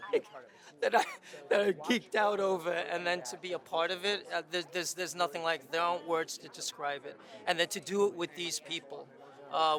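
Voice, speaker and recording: A man's voice: on the high side, pushed and bright. Stammering, enthusiastic male actor. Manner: enthusiastic, stammering, many restarts. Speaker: actor at his film premiere. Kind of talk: red carpet interview. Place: outdoor red carpet premiere.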